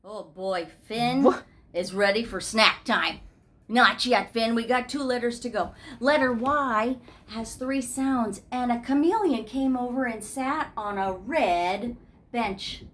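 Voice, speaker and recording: Slow and slightly bright, a somewhat high female voice leads a storytelling phonics lesson in a classroom. She teaches preschoolers by spinning little stories and making playful sounds and voices for every letter.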